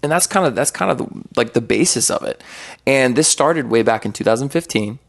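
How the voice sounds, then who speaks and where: A man's voice: mid-range voice, animated, brisk, gravelly. A man talking as a podcast guest in a fervent, rambling, slangy way about faith. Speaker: podcast guest, worship artist. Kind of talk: casual faith chat.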